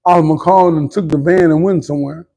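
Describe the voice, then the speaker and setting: A man's voice: a little high, fairly even intonation, quick pace, gravelly, warm tone. A middle-aged man, a former boxer, telling candid stories in an interview, boastful and swearing freely. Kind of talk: storytelling interview.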